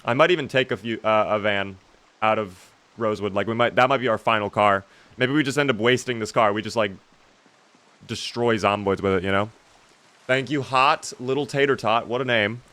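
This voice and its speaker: A man's voice: lowish voice, normal speed, sharp tone. A young man streaming a zombie survival game, chatting casually and reading out viewer questions to answer them. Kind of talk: casual gameplay commentary reading chat.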